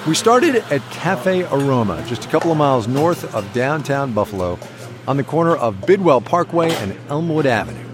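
Lively man hosting a radio interview. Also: medium pitch, moderate pace, music in the background. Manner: conversational, wry and lively. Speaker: radio show host. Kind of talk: public radio business interview. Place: on location in a cafe.

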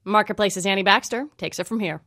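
A woman hosting a radio business program, presenting in a crisp, measured way. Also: medium pitch, sharp tone. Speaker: radio news host.

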